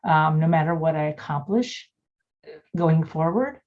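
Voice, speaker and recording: An older woman reflectively telling a personal childhood story over a video call, pausing with many fillers. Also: sits low, animated, dull audio. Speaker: workshop participant.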